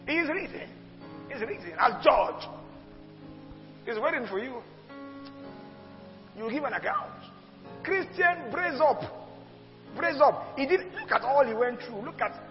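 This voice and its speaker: Pastor, male, very high pitch, forceful repetitive sermon delivery, dull recording with long hall reverb. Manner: emphatic preaching with repeated phrases and sudden loud outbursts.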